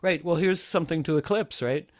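A man's voice: a little high, brisk. A man leading a casual group chat, hesitant with many fillers, sometimes reading aloud with feeling. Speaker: discussion leader.

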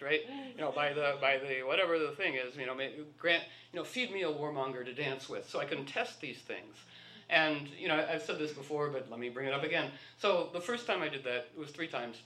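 A man with a bright, forceful voice, pitched a little high, tells winding stories and acts out the dialogue of each person in them. He wanders and restarts as he goes. The sound is roomy and echoey. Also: brisk. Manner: rambling, acts out dialogue in anecdotes. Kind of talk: anecdotal storytelling talk. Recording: echoey room.

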